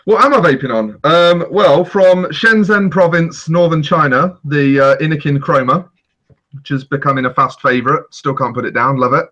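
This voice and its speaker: A man's voice: on the high side, moderate pace, sharp tone. A man hosting a podcast, talking in casual, sweary, laid-back banter. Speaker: podcast host.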